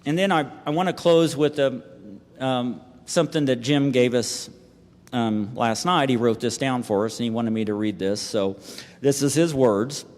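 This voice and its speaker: A man giving a eulogy at a memorial service, halting and emotional, with restarts and soft laughter. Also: mid-range voice. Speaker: family member giving a eulogy. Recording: reverberant hall.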